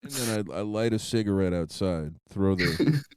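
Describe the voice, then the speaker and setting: A man's voice: on the low side, expressive, moderate pace, darkish tone, clean tone, no room sound, clean studio sound. A man co-hosting a podcast in casual comedic banter. He is laid-back, says "dude" a lot and laughs often. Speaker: podcast co-host.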